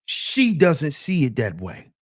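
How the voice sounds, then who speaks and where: Male commentary host, unhurried, very expressive pitch, slangy, emphatic. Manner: slang-heavy, emphatic, repeats points. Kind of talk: casual commentary.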